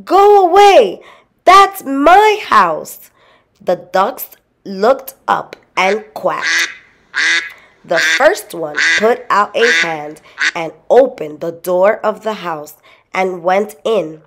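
A woman reading a children's story aloud in a slow, expressive way. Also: fairly low pitch. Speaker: storybook reader.

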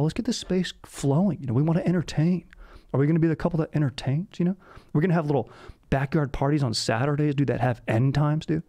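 A man's voice: mid-range voice, vocal fry, warm tone, no room sound, studio quality. A young man hosting a podcast in a casual, rambling comedic monologue, full of laid-back surfer-bro slang. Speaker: podcast host.

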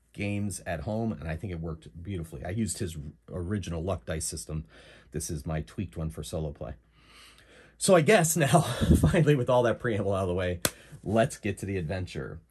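Deep husky-voiced game master. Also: male voice, darkish tone. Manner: rambling, chatty, many fillers. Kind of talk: solo tabletop game narration.

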